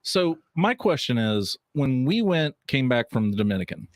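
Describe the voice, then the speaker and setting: A man's voice: medium pitch, sing-song, normal speed, dry recording. A man in a casual chat, dropping short questions and reactions. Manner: brief questioning interjections.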